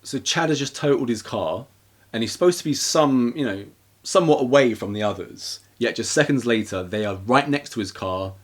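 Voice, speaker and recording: A man co-hosting a podcast, casually recapping a horror film in a rambling, animated way with acted-out quotes. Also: medium pitch, a little fast. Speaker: podcast co-host. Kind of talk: casual movie recap chat.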